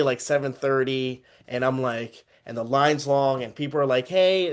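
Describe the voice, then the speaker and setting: A young man from Texas telling a story in casual podcast chat, acting out the people he quotes. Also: medium pitch. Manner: animated, acts out quoted voices. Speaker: podcast host.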